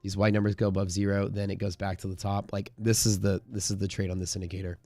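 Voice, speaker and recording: A man's voice: low-pitched, little pitch movement, fast, mellow, no echo. A man hosting a live day-trading stream, chatting casually in a rambling way, full of fillers and the odd swear word.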